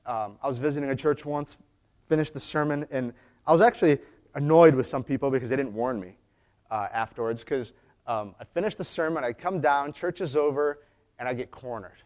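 A man preaches a conversational sermon in a mid-range, darkish voice, moving briskly. He tells stories in a chatty manner, often restarting and wandering into asides.

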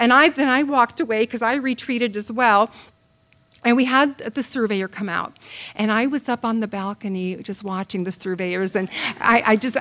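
High-voiced woman telling a church story. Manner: animated, acts out quoted voices. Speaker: Bible teacher. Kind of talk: storytelling sermon.

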